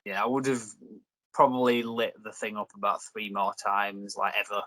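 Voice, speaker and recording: Low-voiced man chatting casually. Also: fairly even intonation, normal speed, bright, forceful tone, no echo, low-quality recording. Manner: rambling, joking, swears casually. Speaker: reviewer and host. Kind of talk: casual chat.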